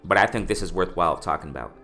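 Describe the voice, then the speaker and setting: A man giving a casual boxing commentary vlog, excited and repetitive, often calling out to "ladies and gentlemen" and restarting his sentences. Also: sits low, very fast, faint music behind.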